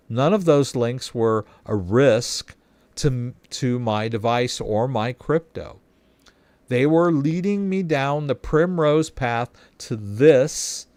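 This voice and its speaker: A man's voice: medium pitch, a little mellow, dry recording. A man hosting a casual walkthrough, chatty and explanatory, often checking in with the listener. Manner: chatty, explains with frequent tag questions. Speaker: host. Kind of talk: casual screen-share walkthrough.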